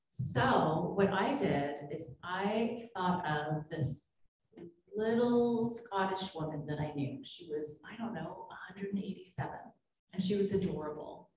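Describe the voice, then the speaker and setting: A woman psychiatrist gives a keynote in a low, mellow voice, chatty and self-deprecating as she tells stories. She is picked up from a distance in a very echoey hall with a faint hiss underneath. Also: a little slow. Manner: conversational, anecdotal, self-deprecating. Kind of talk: conference keynote talk.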